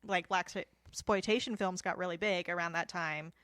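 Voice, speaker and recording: A woman, co-hosting a podcast, talking about films in a relaxed, rambling way. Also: fairly low pitch, normal speed, no room sound, studio quality. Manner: relaxed, rambling, laughs and agrees often. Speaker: podcast co-host. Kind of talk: casual film discussion.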